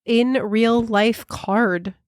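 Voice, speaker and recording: A woman's voice: fairly high pitch, steady tone, drawn-out words, no room sound. Podcast lady reading listener mail, joking around, dry mic. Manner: playful, reads listener mail aloud. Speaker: podcast co-host. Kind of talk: casual podcast chat.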